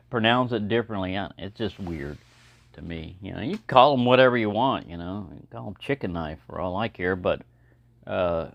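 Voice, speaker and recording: A Texan man chats about his knives at an easy, meandering pace, filling pauses with "uh" and "you know." His voice sits at an ordinary mid pitch. The recording is dry and close, with a slightly muffled, dull sound. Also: no room sound. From Texas. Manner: rambling, relaxed, many fillers. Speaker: knife collector vlogger. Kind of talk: casual show-and-tell talk.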